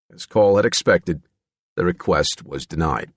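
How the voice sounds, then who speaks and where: A man narrating an audiobook in a measured, expressive storytelling manner. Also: low voice, breathy edge, dry recording.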